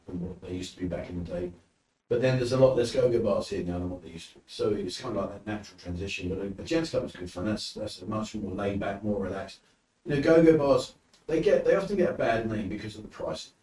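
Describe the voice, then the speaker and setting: A fast-talking man from the UK with a fairly low voice and British accent tells animated anecdotes on a podcast, performing the quotes in casual storytelling. Recorded far from the mic, the audio is roomy with faint noise.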